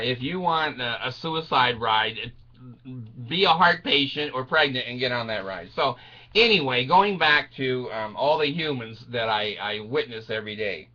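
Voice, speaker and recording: An older man telling a rambling comic story, laughing through his words, crude and self-mocking, swinging from low mutters to high yelps. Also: pushed and bright, muffled recording.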